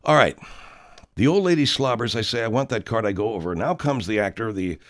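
A man's voice: on the low side, expressive, fairly quick, fairly bright tone. A man playing a pompous, rambling horror director. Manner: rambling, arrogant, speaks of himself in third person. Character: pompous self-important male horror film director. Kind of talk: comedic character monologue.

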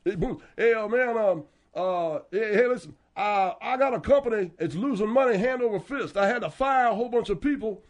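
A man playing a hesitant male caller to a radio advice show, halting and full of uhs. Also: high-pitched, close to an everyday voice.

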